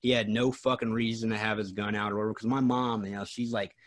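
A man's voice: on the low side, flat delivery, fast talker, dry recording, rough recording. A man co-hosting a podcast, telling a rambling, profanity-heavy story in casual chat. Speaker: podcast co-host.

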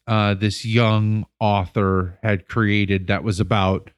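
A male educator co-hosting a relaxed podcast, telling an anecdote in an unhurried, meandering way. He pauses and restarts often and leans on fillers as he goes. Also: fairly low pitch, smooth. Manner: rambling, with many fillers and restarts. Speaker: podcast co-host. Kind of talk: casual storytelling chat.

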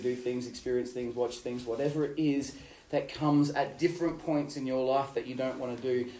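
A man preaching a youth sermon, telling stories with swings from loud to hushed. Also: medium pitch. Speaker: youth pastor. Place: youth hall. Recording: roomy hall, voice from far off.

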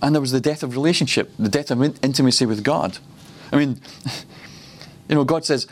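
A man's voice: mid-range voice, normal speed, slightly rough. A man preaching at a ministry school, personal and reflective, often laughing between points.

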